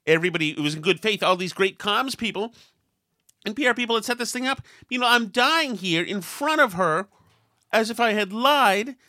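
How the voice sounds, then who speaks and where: A man's voice: sits high, lively intonation, moderate pace, bright, forceful tone, no echo, clean studio sound. A man hosting a podcast, telling a self-deprecating story in casual chat and acting out the quotes with lots of animation. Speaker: podcast host.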